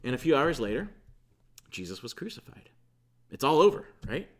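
A man's voice: medium pitch, sing-song, moderate pace. A man preaching a sermon as pastor, retelling a scripture story in a conversational way with casual asides.

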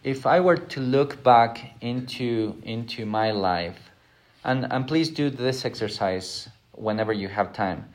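A man's voice: mid-range voice, measured pace. A middle-aged man teaching a Bible lesson in a conversational, earnest, self-deprecating way. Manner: earnest, self-deprecating, acts out quoted voices.

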